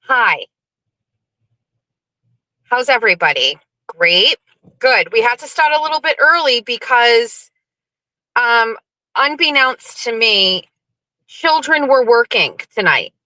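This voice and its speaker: A woman's voice: a little high, animated, slow pace, pauses often, bright, forceful tone, dry recording, poor audio. A middle-aged woman hosting a casual livestream from her car, chatty, greeting viewers over and over with rambling asides. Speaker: livestream host. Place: car, driving.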